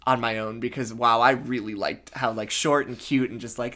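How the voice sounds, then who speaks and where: A podcast co-host chats casually and excitedly about fan fiction at normal speed, in a middle-pitched voice brimming with enthusiasm. The host often stumbles, restarts sentences and laughs.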